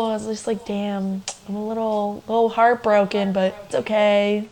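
A woman's voice: mid-range voice, fairly even intonation, normal speed, darkish tone, a little hiss or hum, rough recording. A young woman co-hosting a podcast, telling a personal story in a loose, chatty way full of "like" and laughing asides. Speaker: podcast co-host. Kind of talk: casual storytelling chat.

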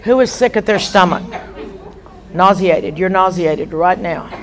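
A woman evangelist leading a deliverance prayer session in a large meeting hall, calling out forceful commands that are often shouted and leading the audience in call-and-response. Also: lowish voice, measured pace, a faint crowd.

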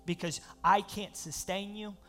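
High-voiced animated male pastor. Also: a little slow, soft background music. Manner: animated, laughing asides, reads scripture aloud. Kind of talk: sermon.

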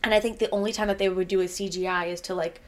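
A woman's voice: medium pitch, steady tone, very fast. A young woman co-hosting a casual fan podcast, talking in a chatty, emotional way with many filler words. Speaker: podcast co-host.

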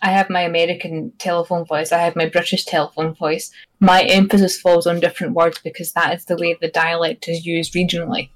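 A woman from Scotland with a Scottish accent, co-hosting a casual podcast and explaining points in an animated way. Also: fairly low pitch, a little fast, hardly any pauses, rough recording. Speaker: podcast co-host.

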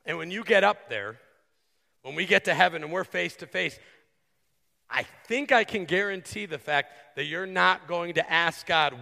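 Gravelly, bright-voiced male pastor preaching. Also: sits high, animated. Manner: earnest, conversational preaching with quick asides. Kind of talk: sermon. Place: church sanctuary. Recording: long hall reverb.

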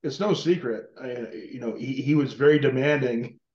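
A man's voice: medium pitch, a little mellow, roomy sound, highs cut off. A man hosting a podcast interview, asking long, rambling questions full of "uh"s and restarts. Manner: rambling, halting, many "uh"s and restarts.

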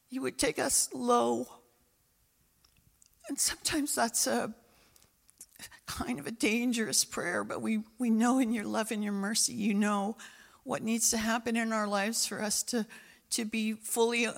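A woman's voice: a little high, vocal fry. A woman pastor preaching a sermon and praying, impassioned and repeating phrases for emphasis. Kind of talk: sermon with prayer.

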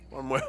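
A man telling rowdy stories to friends in casual chat, swearing a lot and laughing through his own tales. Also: background noise. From Phoenix, Arizona area. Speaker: storyteller among friends.

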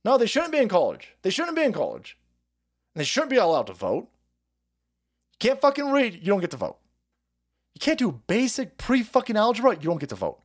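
A man's voice: high-pitched, a little fast, pauses often. A man hosting a livestream, ranting in a profane, mocking way and putting on voices to mimic the people he attacks. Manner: foul-mouthed, animated, mocking voices of opponents. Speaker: livestream host. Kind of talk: profane political rant.

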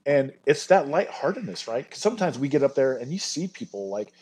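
Earnest husky-voiced man chatting. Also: mid-range voice, sing-song, brisk, a little mellow, poor audio. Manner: earnest, rambling, enthusiastic. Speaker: bagpiper guest. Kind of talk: casual podcast chat.

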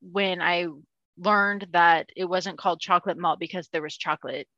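A woman's voice: fairly low pitch, fairly even intonation, normal speed, fairly bright tone, no echo, lo-fi sound. A woman co-hosting a podcast about beer in casual chat, playful and teasing. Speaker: podcast co-host, beer educator.

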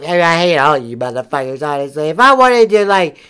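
A man's voice: on the high side, sing-song, a little fast, pushed and bright, clear, resonant tone. A man in crude improvised role-play banter, swearing constantly and flaring into angry outbursts. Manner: profane, hot-tempered outbursts.

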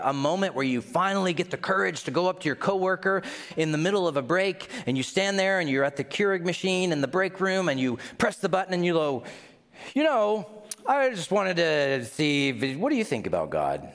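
A man's voice: high-pitched, fairly bright tone. A man with a Midwestern accent preaching a sermon as pastor, conversational, putting questions to the congregation and acting out little scenes in mock voices.

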